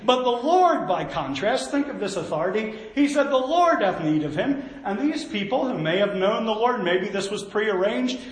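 A man preaching a sermon, folksy and animated, with storytelling asides. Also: high voice, moderate pace, hardly any pauses, roomy sound, low-quality recording.

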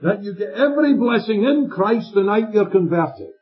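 A man with an expressive, high-pitched voice preaches at a moderate pace. He delivers the sermon emphatically and asks questions to check in with listeners, in a dull lo-fi recording with faint music.

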